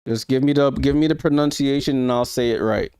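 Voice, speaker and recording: A man's voice: mid-range voice, fairly quick, darkish tone, smooth, dry recording, studio quality. A man with a New York accent hosting a live stream, giving casual reaction commentary, thinking aloud and talking to his viewers with hesitant ums. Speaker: livestream host.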